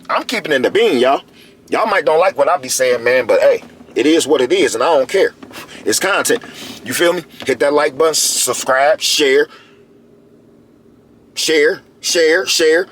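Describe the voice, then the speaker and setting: A man talks into the camera in a loose, slang-filled monologue, circling back to the same phrases again and again. His voice sits on the higher side and leaps around, animated from line to line. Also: normal speed, a little hiss or hum. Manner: animated, slangy, repeats himself and calls to viewers. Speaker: video commentator. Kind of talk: casual commentary monologue.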